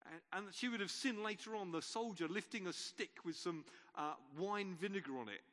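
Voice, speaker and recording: A man's voice: high voice, normal speed, a bit bright. A man preacher giving an Easter sermon in an informal storytelling way, with wry asides. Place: church. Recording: long reverb of a church.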